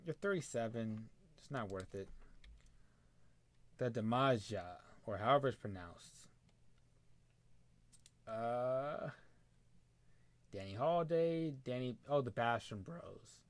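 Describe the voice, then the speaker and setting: A young man takes his time, with long pauses, as he comments casually on a wrestling management game, thinking aloud, muttering, and talking to the characters on screen. His medium-pitched voice is expressive, and the recording has no room sound.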